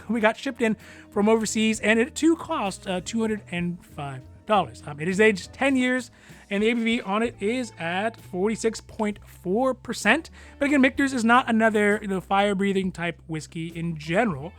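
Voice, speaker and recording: High-voiced man chatting casually. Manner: relaxed, rambling, many fillers and chuckles. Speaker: whiskey channel host. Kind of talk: casual review vlog.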